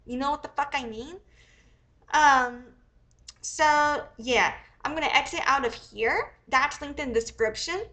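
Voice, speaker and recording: High, bright-voiced woman livestreaming, profane and rambling. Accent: American. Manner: profane, rambling, thinks aloud. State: a bit sick. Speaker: livestream host. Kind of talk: casual livestream commentary.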